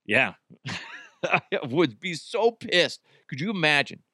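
A man's voice: on the high side, sing-song, slow pace, loud music behind the voice. A man hosting a comedy podcast, riffing crudely and swearing freely as he jokes about the news. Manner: crude, joking, profane. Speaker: podcast host. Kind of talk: casual comedic podcast monologue.

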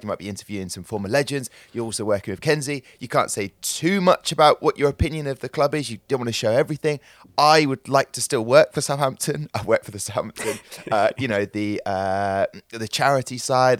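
A man co-hosting a podcast, telling stories in an animated, joking way. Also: mid-range voice, fairly quick, no echo, clean studio sound. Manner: animated, jokey storytelling. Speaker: podcast co-host. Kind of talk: casual chat.

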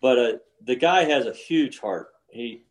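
Older man in his sixties, casual co-host, mid-pitched, rambling anecdotes with restarts. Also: animated, measured pace. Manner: rambling storyteller with frequent restarts. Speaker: podcast co-host, former pro golfer. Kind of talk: casual chat.

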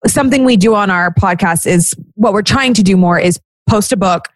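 A woman's voice: mid-range voice, fairly quick, no room sound. Candid pregnant woman in dry close sound. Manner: rambling, restarts often, candid. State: heavily pregnant. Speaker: podcast guest. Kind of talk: casual chat.

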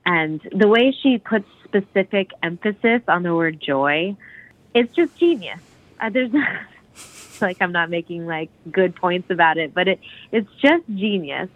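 A woman's voice: lowish voice, lively intonation, measured pace, no echo, highs cut off. A woman gushing about a song in casual podcast chat, rambling with lots of "like"s and restarts.

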